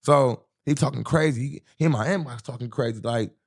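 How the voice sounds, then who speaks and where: A man's voice: mid-range voice, brisk, vocal fry. A young man from the US Midwest, a rapper guest in an interview, telling a rambling, profane street story and often asking "you know what I'm saying".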